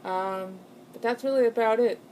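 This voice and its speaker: A woman's voice: a little high, moderate pace, darkish tone, a little hiss or hum, poor audio. A young woman telling a personal ghost story in a casual, rambling way, full of fillers and restarts. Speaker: channel host.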